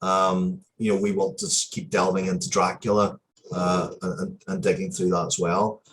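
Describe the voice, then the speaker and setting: Male interview guest, low voice, sincere and emotional storyteller with a halting delivery. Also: flat delivery, noisy background. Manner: earnest, heartfelt, with frequent hesitations and restarts. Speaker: interview guest, comic book writer.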